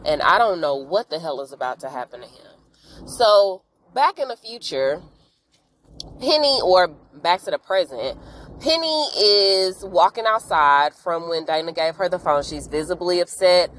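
A woman's voice: fairly low pitch, slight background noise, rough recording. Chatty woman host recapping with slangy asides. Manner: animated storytelling with frank, slangy asides; acts out characters' lines in quick voices. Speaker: podcast host recapping a TV episode. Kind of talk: casual chat.

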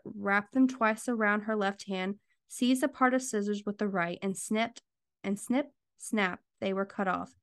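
A woman, a podcast host, reading an old fairytale aloud, slowing down for the dialogue and lifting her voice at dramatic moments. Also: medium pitch. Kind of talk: storybook reading.

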